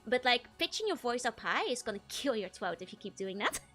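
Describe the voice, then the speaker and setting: A woman's voice: fairly high pitch, big pitch swings, brisk, a bit bright, faint music behind. A young woman, chatting casually with her stream chat, giggling often and restarting her sentences. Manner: giggly, laughs often between phrases; stammering restarts. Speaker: VTuber streamer.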